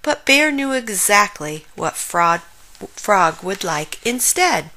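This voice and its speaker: A woman reading a children's picture book aloud, expressive and unhurried. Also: medium pitch. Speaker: storyteller. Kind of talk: children's story read-aloud.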